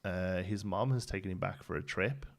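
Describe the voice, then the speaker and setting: Faint music sits behind this casual live-stream chat from a game streamer in his thirties. He's from Birmingham, England, with a Brummie accent, and talks at normal speed in a low voice, rambling with frequent restarts.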